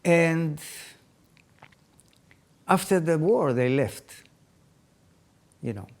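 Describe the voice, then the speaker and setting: Older man, halting storyteller. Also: fairly high pitch, animated. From Israel. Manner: halting, non-native phrasing with frequent restarts. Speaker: interviewee. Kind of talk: personal life story.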